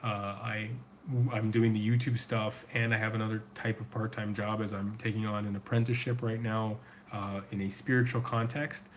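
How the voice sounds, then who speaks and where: A man's voice: on the low side, level tone, normal speed, slight background noise. A middle-aged man hosting a casual livestream, answering viewer questions in an earnest, rambling way with a sore throat. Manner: earnest, loose and rambling with many fillers. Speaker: men's coach and livestream host.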